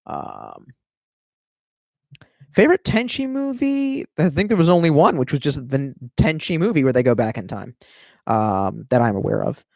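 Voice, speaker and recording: A man's voice: mid-range voice, huge pitch swings, normal speed, vocal fry, a little mellow, no echo, studio quality. A man in his thirties chatting casually on a live stream, reading viewer comments and rambling with lots of swearing and self-mockery. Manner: profane, rambling, self-mocking.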